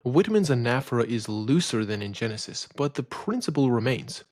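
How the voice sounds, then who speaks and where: Male poetry lecturer, mid-pitched, opinionated and didactic, dry close recording. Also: very animated, moderate pace, darkish tone, no room sound. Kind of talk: scripted educational narration.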